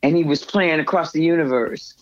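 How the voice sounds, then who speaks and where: A woman guest telling stories in a casual interview, lively and acting out what others said. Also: deep voice, a little fast, dry recording. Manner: animated storyteller, acts out others' lines. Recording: dull lo-fi recording.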